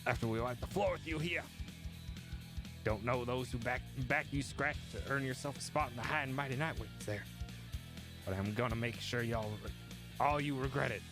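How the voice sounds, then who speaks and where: A man voicing a rowdy troublemaking male cur in a mixed Australian and British accent, gruff and swaggering. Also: mid-range voice, moderate pace, over music, pitched above the performer's own voice, close to an everyday voice. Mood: taunting.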